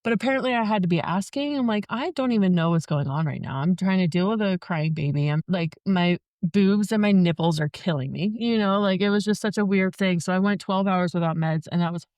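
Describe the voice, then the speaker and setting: Chatty young woman, lowish voice. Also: fairly quick, few pauses, darkish tone, no echo, studio quality. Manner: chatty, many "like" fillers. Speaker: podcast guest. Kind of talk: casual storytelling.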